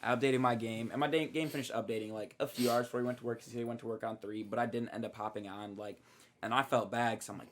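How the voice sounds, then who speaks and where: Fast-talking young man, slangy podcast host. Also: lowish voice. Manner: swearing, slangy, animated storytelling. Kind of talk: casual chat.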